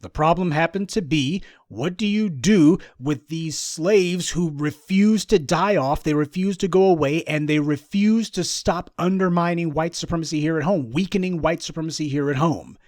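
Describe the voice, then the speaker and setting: Sarcastic man, higher voice, dry sound. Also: moderate pace, few pauses, a little mellow, no room sound. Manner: sarcastic, mocking, acts out voices of others. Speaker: political commentator. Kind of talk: monologue commentary on news clips.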